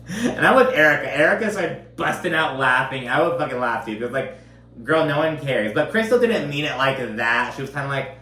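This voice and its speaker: A man's voice: medium pitch, expressive, moderate pace, a bit bright, roomy sound, a little hiss or hum. A man giving casual, profane, gossipy recap commentary on a reality show, full of fillers.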